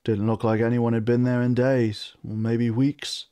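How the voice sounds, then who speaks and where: A man's voice: medium pitch, level tone, unhurried, dark tone, no echo, studio quality, lightly acted. A man reading aloud and voicing a nervous, humble male messenger who stammers and speaks deferentially. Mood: nervous, apologetic.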